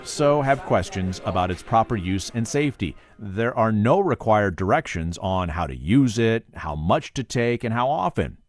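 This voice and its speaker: Radio host guy, lowish voice, dry studio sound. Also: no echo. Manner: clear, friendly, announcer-like. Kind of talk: radio talk show hosting.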